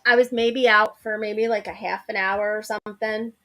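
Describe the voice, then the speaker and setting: A woman co-hosting a casual chat, telling an animated story and laughing often. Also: medium pitch, normal speed, soft background music. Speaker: co-host.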